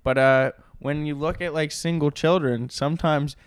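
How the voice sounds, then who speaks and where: A man's voice: a little high, steady tone, clear, resonant tone, dry recording, clean studio sound. Joking, foul-mouthed young podcast man. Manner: joking, profane anecdotes with quick quoted voices. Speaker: podcast co-host. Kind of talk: casual podcast banter.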